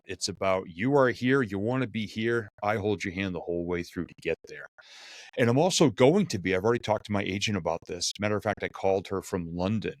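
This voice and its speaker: Man, keynote speaker, animated storyteller, lowish voice, dry close sound. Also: dry recording. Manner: animated, acts out quotes and jokes. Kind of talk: storytelling in podcast conversation.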